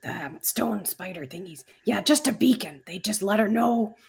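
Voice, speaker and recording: A woman's voice: medium pitch, expressive, normal speed, vocal fry. A woman voicing a forgetful, friendly male bandicoot creature who speaks hesitantly.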